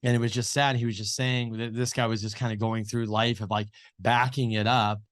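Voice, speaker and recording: A man's voice: mid-range voice, little pitch movement, a little fast. A man co-hosting an interview show, telling a story in a loose, rambling way full of fillers and retold dialogue. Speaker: co-host. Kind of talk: casual interview chat.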